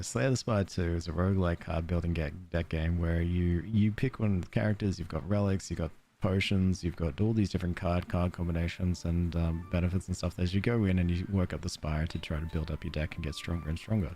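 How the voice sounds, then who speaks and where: A man's voice: sits low, steady tone, a little fast, a little mellow, faint music behind. An Australian man streaming a game, chatting casually with his viewers in a rambling, self-deprecating way and chuckling often. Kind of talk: casual let's-play chat, reading chat aloud.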